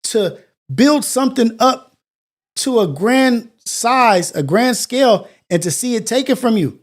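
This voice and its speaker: High-voiced man preaching on a morning show. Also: animated, unhurried. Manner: earnest, preachy, repetitive phrasing. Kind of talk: motivational monologue.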